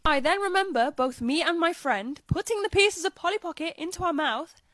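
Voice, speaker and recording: A woman's voice: very high voice, lively intonation, normal speed, fairly bright tone, dry recording. A woman chattily telling a school storytime. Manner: chatty and confiding. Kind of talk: storytime narration.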